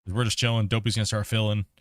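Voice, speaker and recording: A man's voice: fairly low pitch, no room sound, studio quality. A man hosting a gaming livestream, rambling casually and chuckling as he talks to his chat.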